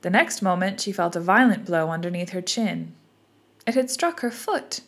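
A woman narrating a storybook in a measured, even way. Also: on the low side.

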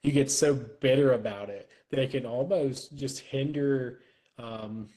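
A man's voice: mid-range voice, measured pace, mellow, low-quality recording. Earnest, reflective male podcast guest. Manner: earnest, reflective, repeats words as he thinks. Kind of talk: casual chat.

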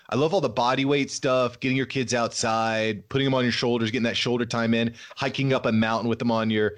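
A man in his thirties talking as a guest on a casual podcast interview, upbeat and energetic, laughing easily. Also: mid-range voice.

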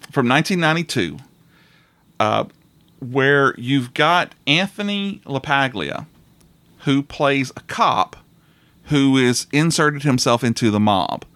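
A man hosts a relaxed movie podcast, rambling through his points with restarts and frequent laughs. His voice sits at a middle pitch. The sound is dry and close. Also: no echo. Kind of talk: casual chat about movies.

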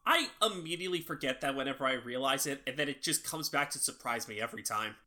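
A man's voice: medium pitch, expressive, fast, sharp tone. A young man co-hosting a podcast, chatting casually with a critical, teasing edge. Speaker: podcast co-host. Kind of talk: casual chat.

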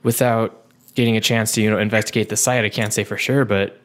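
A man playing a tabletop game, talking in a halting way full of likes and ums. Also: fairly low pitch, little pitch movement, a bit bright. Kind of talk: casual in-character play.

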